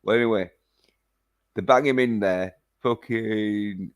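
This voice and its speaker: Slow, low-voiced rambling man. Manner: rambling, hesitant, swears a lot. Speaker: film reviewer. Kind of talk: casual film recap.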